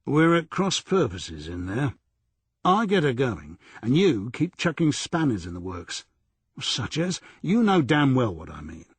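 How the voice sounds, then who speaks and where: Male reader as a firm, pushy detective; husky crime audiobook voice. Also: mid-range voice, huge pitch swings, unhurried, no room sound, heavily acted. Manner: firm, pressing questions. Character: blunt, dogged male police detective.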